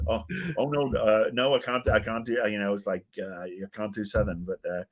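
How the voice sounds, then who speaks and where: British man, middle-aged, low voice, opinionated podcast rant, lots of restarts. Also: level tone, brisk. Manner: rambling, opinionated, swears, many restarts. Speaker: podcast co-host. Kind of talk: casual podcast chat.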